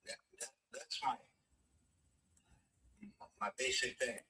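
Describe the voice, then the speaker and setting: A man in a casual chat as a guest, plain-spoken and halting. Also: medium pitch, gravelly, bright, forceful tone, breathy edge, far from the mic, low-quality recording.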